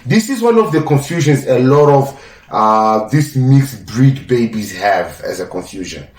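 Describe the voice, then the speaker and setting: A man's voice: medium pitch, sing-song, unhurried, a little mellow. Emphatic male podcast host, roomy and distant. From South Africa. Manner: emphatic, repetitive, lecturing. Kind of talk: casual opinion podcast monologue.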